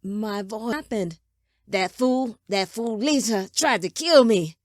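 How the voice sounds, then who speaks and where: A woman voicing a gruff, brutal tribal patriarch who barks commands and shouts. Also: mid-range voice, slow pace, dry recording, clean studio sound, close to an everyday voice. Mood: commanding.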